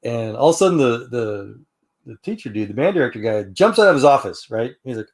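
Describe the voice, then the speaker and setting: A middle-aged man from Houston, hosting a casual fellowship chat. His voice sits at a middle pitch, and he rambles through stories with restarts, fillers and easy laughs. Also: lively intonation, quick pace. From Houston, Texas, US. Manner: rambling, with many restarts and "you know"; laughs while telling stories. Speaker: host of an online fellowship chat.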